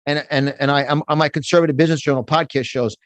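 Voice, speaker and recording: Fired-up motivational speaker, higher voice. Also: male voice, fairly even intonation, quick pace, dry recording. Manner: fired up, emphatic, repeats words. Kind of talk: animated interview talk. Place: his home studio.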